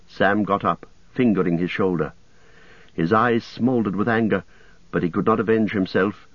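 A man narrating an audiobook in a measured, even manner. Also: on the low side, no echo, lo-fi sound. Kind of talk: audiobook reading.

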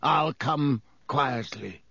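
A man voicing a bitter, haggard escaped convict who snarls and croaks. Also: medium pitch, very slow, bright, forceful tone, dry recording, full character voice. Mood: snarling.

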